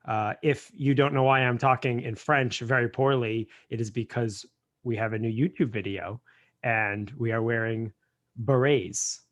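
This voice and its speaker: American man, podcast co-host, mid-pitched, jokey, tripping over words, video call audio. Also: steady tone, a little slow. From United States. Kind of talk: casual podcast chat.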